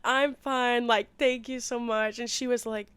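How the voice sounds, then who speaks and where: Young woman from the Midwest, podcast co-host, chatty animated storyteller, fairly high pitch, dry recording. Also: measured pace, clear, resonant tone, no echo. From Midwest, Missouri. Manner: animated storyteller, lots of "like" and laughs. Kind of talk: casual chat.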